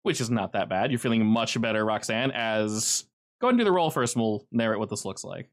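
A man's voice: fairly low pitch, animated, fairly quick. A man running a tabletop game as game master, telling the scenes in a casual, vivid way with many fillers.

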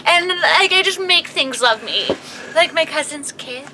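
A woman's voice: high voice, expressive, a little slow, background noise. A woman in casual comedic chat, talking bluntly and laughing often.

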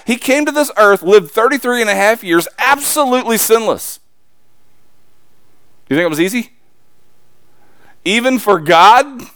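A man preaching a sermon as pastor, swinging from loud, emphatic lines to low, confiding asides. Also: clear, resonant tone, no room sound, clean studio sound.

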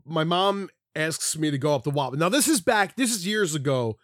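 A middle-aged man from the Philadelphia area rambles through a story on a podcast, restarting sentences and swearing freely. His voice sits high and swings widely in pitch, lively and animated. The sound is close and dry, with no room echo. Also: normal speed. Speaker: podcast co-host. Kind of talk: casual chat.

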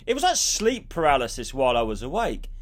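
A man's voice: medium pitch, fairly quick. A man, a comedian co-hosting a podcast, telling a story with lots of swearing. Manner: animated storytelling, swearing freely. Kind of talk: casual podcast banter.

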